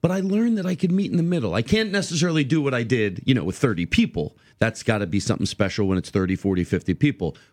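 A man's voice: medium pitch, quick pace, few pauses. Man in his 50s, comic storyteller, voice bouncing all over, restarts his sentences. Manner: animated rambling storyteller, restarts a lot. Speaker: comedian guest. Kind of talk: casual podcast chat.

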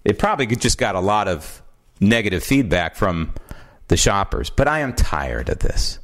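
A man's voice: medium pitch, a bit bright. An American man hosting a talk show, delivering an indignant, emphatic political commentary monologue from a home studio. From United States. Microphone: studio mic with old headphones.

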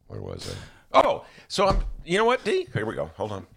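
Hosting a radio talk show, this man keeps up casual, joking banter and drops into impressions. His deep voice carries vocal fry, and his pace is brisk.

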